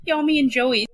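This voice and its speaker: A woman reading a fanfic aloud and riffing on it with friends, laughing often and reacting with loud disbelief. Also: high voice, no echo, low-quality recording. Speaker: fanfic riff reader.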